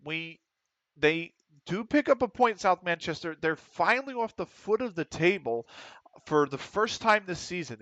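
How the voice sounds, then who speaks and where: A man giving casual commentary on a football management game, reading questions aloud quickly and answering offhand with casual swearing. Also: a little high, a bit bright, no room sound. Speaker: gaming streamer. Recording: dry, slightly dull home mic.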